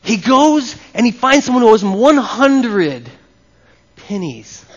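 A high-pitched male pastor delivers an animated sermon, often breaking off to chat with the congregation. His voice rings with long reverb through a church hall, and the sound is a bit dull and lo-fi. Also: takes it slowly. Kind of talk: live sermon.

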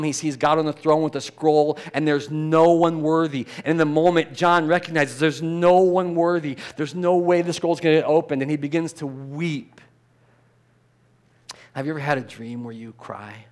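This is a laid-back, chatty sermon from a pastor whose voice sits on the higher side and moves at a moderate pace. He often starts over or doubles up on words, and he grows loud and energetic to stress key points.

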